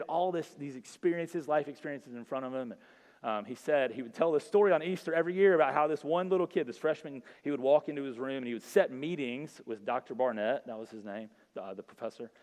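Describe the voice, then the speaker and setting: A man giving an Easter sermon, telling a story in a conversational, earnest way and then leading a prayer. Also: mid-range voice. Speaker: pastor. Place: church sanctuary. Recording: church hall reverb with faint music.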